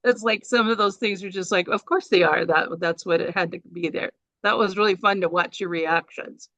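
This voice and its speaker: A chatty woman leads a workshop over a video call, rambling a little as she talks. Her voice is bright and forward, recorded dry with no room sound. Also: medium pitch, steady tone, moderate pace, no echo. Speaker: workshop presenter.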